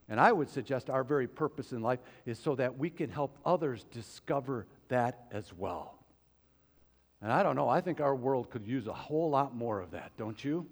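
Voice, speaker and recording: A man preaching a sermon as pastor, asking the congregation questions as he goes. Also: a little high. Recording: long hall reverb.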